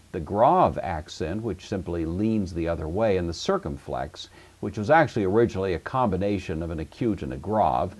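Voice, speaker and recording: A man giving a recorded language-course lecture, explaining step by step in a measured way with frequent "uh" fillers. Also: low voice, a little mellow. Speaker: Greek teacher.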